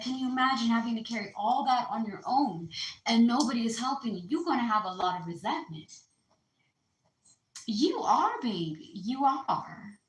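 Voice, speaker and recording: A woman's voice: on the high side, roomy sound, low-quality recording. A woman giving a casual astrology card reading, chatty and slangy, calling her listeners baby. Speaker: tarot card reader.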